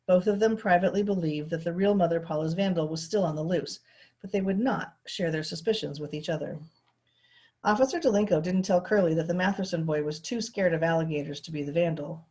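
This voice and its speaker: A woman teacher reads a novel aloud in a steady, expressive way. Her voice sits a little low.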